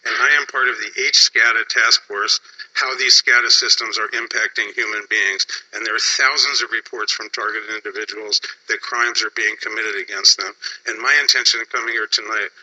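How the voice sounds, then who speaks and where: A man speaks earnestly at a public hearing and pushes his point with urgency. His voice has a very bright, sharp tone. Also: lowish voice, steady tone, moderate pace, poor audio. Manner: earnest, urgent, with some filler hesitations. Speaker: public commenter testifying at a hearing. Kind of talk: formal public testimony.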